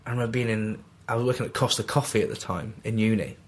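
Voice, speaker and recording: A man's voice: on the low side, fast. A man in his twenties with a Manchester accent, telling anecdotes as a podcast guest and acting out the dialogue. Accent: Mancunian. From Manchester, England. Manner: animated, acts out quoted dialogue. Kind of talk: casual anecdotal storytelling.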